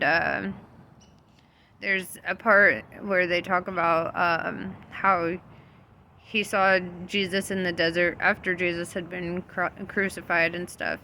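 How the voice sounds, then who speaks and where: A woman's voice: fairly low pitch, pushed and bright, a little hiss or hum. A young woman vlogging about faith in a casual, loose storytelling monologue, laughing often and swearing freely. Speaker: spiritual vlogger.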